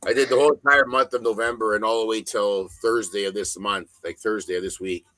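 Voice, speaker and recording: A middle-aged man talking as a podcast guest, ranting bluntly with heavy profanity and loud emphasis. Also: lowish voice, fairly even intonation, a little fast, rough recording. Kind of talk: casual podcast conversation.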